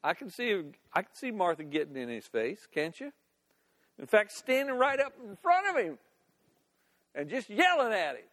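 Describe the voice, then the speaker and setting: An older man gives a sermon in a fairly high voice. He moves between reading scripture and chatty, down-to-earth comment. He acts scenes out in different voices as he goes. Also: big pitch swings, normal speed, fairly bright tone. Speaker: pastor.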